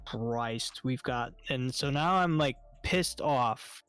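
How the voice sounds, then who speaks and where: A man telling a story on a stream in casual chat, animated and swearing often. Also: medium pitch, slow, clear, resonant tone, no echo.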